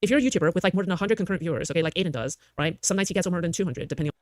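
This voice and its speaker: Guy ranting fast n defensive, dry close sound, keeps saying okay. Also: high voice, dry recording. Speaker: streamer in clips. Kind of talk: heated ranting.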